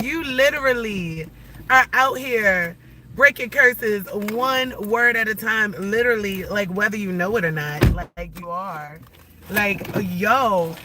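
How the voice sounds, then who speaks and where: Lady doing a live stream in her car, slow easy talk, cussing, road noise under it. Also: mid-range voice, bright, forceful tone. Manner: loose, profane storytelling, chatting to viewers. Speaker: livestream host. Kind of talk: casual live-stream chat.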